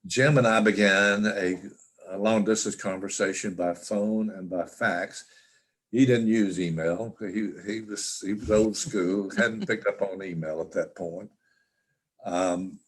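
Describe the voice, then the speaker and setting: Older male guest on a video call; deep, slow, halting storyteller. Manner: halting, with frequent restarts and fillers. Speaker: interview guest. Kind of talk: reflective personal storytelling.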